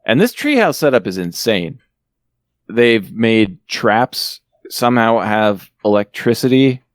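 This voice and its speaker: Low-voiced man recapping with dry humor. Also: big pitch swings, slow, no echo. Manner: wry, laughing recap with swearing. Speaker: podcast host recapping a film. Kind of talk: casual chat.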